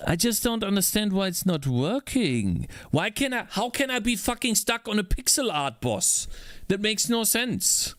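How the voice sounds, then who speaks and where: A man's voice: high-pitched, fairly bright tone, no room sound, clean studio sound. A man streaming while he works on a game, talking to himself, frustrated and swearing. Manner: frustrated, exasperated, talks to himself. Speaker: indie game developer streaming. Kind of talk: live-stream chat while working.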